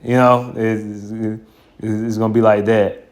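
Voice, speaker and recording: A man's voice: fairly low pitch, flat delivery, unhurried. A man teaching scripture in an informal, blunt and colloquial way, with scornful asides. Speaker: Bible teacher.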